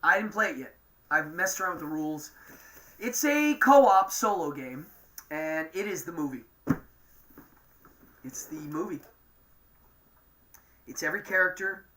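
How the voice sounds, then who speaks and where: East Coast male host, rambling and keen, bright tone, casual stream chat. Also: fairly high pitch, expressive, a little slow, long pauses, a little hiss or hum. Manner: chatty, rambling, enthusiastic. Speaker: livestream show host.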